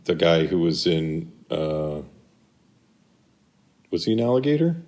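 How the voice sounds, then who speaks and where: Deep-voiced man chatting about films. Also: big pitch swings, a little slow, a little mellow. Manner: rambling, searches for names, restarts often. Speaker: podcast co-host. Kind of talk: casual film chat.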